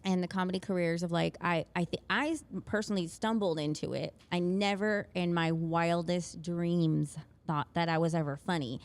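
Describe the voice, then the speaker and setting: A woman's voice: on the low side, steady tone, normal speed, hardly any pauses. A woman co-hosts a live talk show in a loose, casual chat. She laughs easily and breaks off to greet viewers and read their comments.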